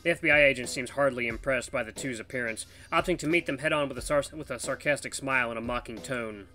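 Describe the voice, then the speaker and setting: A man reading a visual novel's second-person narration with brisk, lively storytelling. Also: mid-range voice, faint music behind.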